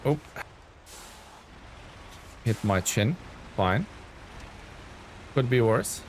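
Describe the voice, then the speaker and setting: A man's voice: medium pitch, lively intonation, drawn-out words, a little mellow, a little hiss or hum. A young man giving casual, rambling commentary while he streams a game and thanks viewers in chat.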